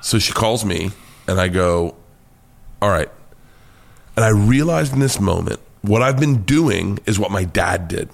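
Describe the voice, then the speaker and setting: A middle-aged man telling stories as a comedian guest in a casual interview, swearing freely and acting out quotes with sudden loud outbursts. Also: lowish voice, measured pace, gravelly. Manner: animated storyteller, swears freely, acts out quotes loudly.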